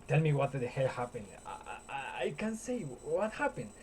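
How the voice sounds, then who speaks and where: A man's voice: medium pitch, sing-song, moderate pace, a little hiss or hum, natural voice. A man doing a panicky, frantic new father. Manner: panicky, demanding shouts.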